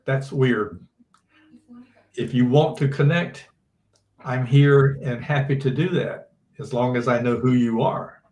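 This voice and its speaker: An older man, a teacher, giving measured interview answers and often restarting his sentences. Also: mid-range voice, darkish tone, roomy sound. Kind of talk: slow thoughtful interview answers.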